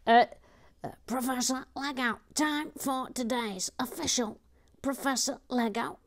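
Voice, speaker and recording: A woman hosting a relaxed building video, chatting casually and often dropping to a whisper. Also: sits high, a little slow. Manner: chatty, often drops to a whisper, rambling asides. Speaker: host.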